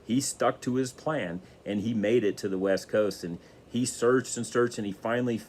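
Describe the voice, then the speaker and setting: A man's voice: medium pitch, moderate pace, a little mellow, slight background noise. A man telling a motivational story in a casual, rambling way with many restarts. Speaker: motivational speaker.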